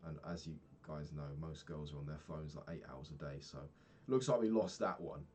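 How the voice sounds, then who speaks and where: A man's voice: extremely low pitch, moderate pace, mellow, slightly rough. A young man in his twenties talking frankly in a rambling daily vlog, swearing casually and filling gaps with ums. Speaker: vlogger.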